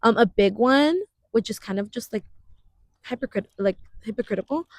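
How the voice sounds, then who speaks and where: A woman in her twenties co-hosting a podcast in casual chat, talking fast with many fillers and frequent laughs. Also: a little high, dry recording. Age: 20s. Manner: chatty, laughs often, uses many fillers. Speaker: podcast co-host.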